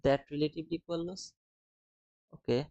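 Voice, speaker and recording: On a live trading stream, a man reads out viewers' chat comments and responds in an easygoing way, calling them "brother" and "man." His voice sits on the high side yet has a dark tone, and he keeps a steady delivery at normal speed. The audio is dull and dry with no echo from the room.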